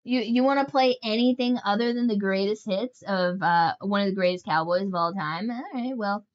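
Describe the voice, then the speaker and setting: A woman voicing a spiteful, grudge-holding racehorse mare, talking in a smug, mocking, drawn-out way. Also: mid-range voice, muffled recording, lightly acted.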